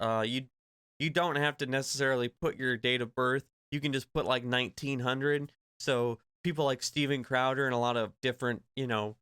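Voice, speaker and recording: Sarcastic male streamer, smooth dry voice. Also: medium pitch, sharp tone, no room sound. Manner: sarcastic, laughing, profane. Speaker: streamer reacting to a clip. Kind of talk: casual reaction commentary.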